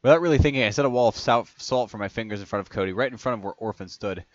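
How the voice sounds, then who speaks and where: A man reading a first-person story aloud in a casual way, often stumbling on words, restarting them and clearing his throat. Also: lowish voice, rapid-fire, dry recording. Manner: reads in first person, stumbles and restarts on words, breaks into long fits of laughter. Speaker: reader of fan fiction. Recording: dry, slightly dull home recording.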